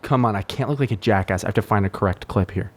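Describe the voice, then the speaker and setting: A man's voice: fairly low pitch, quick pace, a little mellow. A man hosting a podcast in casual chat, rambling and swearing freely, and poking fun at himself. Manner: rambling, profane, self-mocking. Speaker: podcast host.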